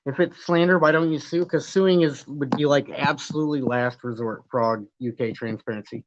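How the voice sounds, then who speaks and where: This streamer's voice sits in the mid-range, keeping a steady tone at a normal speed while background noise runs underneath. He reads his chat aloud, rambles, argues back and swears occasionally, all in dull lo-fi stream audio.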